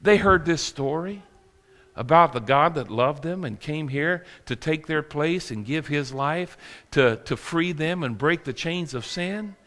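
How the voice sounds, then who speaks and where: A man's voice: a little high, animated, unhurried, a bit bright, long reverb tail. A man preaching a sermon, telling stories with acted quotes and laughter. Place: church sanctuary.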